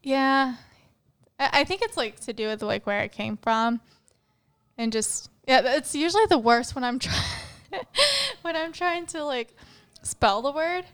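A woman's voice: sits high, lively intonation, a little slow, fairly bright tone. A woman co-hosting a podcast in casual chat, laughing often and filling her talk with "like". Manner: giggly, lots of "like" fillers. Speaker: podcast co-host.

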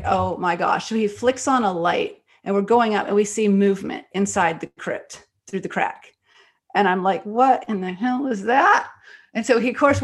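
A woman guest, an author and screenwriter, talking in an interview and telling stories quickly and animatedly, with many fillers. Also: mid-range voice. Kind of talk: conversational interview storytelling.

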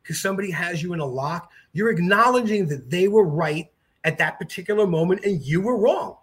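Middle-aged male guest with a high voice, lively, joking anecdotes. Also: a little fast, breathy edge. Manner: animated, jokey, mimics voices. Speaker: podcast guest, jiu-jitsu black belt. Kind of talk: casual storytelling.

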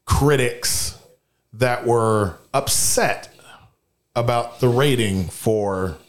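A man chatting on a podcast, casual and crude. He swears often and mimics other people in a high, mocking voice. His pitch sits in the middle range. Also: very slow. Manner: swears freely, acts out quotes in a high voice. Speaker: podcast co-host. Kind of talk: casual profane chat.

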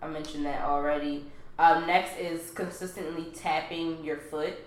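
A woman's voice: low voice, steady tone, moderate pace. A young woman co-hosting a casual chat, reading out list items and laughing often. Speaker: podcast co-host. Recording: echoey room.

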